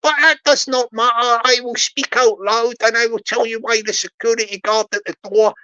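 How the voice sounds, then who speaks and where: A woman with a slightly high, bright and forceful voice hosts a live stream. She rambles through a story, repeating phrases and calling out to the chat as she goes. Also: steady tone, normal speed, dull audio. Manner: repetitive, chatty, addresses the chat directly.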